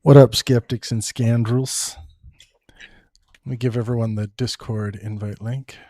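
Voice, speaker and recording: A man from Canada hosts a live online debate chat in a playful, joking manner. His voice sits at a middling pitch. The sound is dry and close. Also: steady tone, a little slow, warm tone, no echo. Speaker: host.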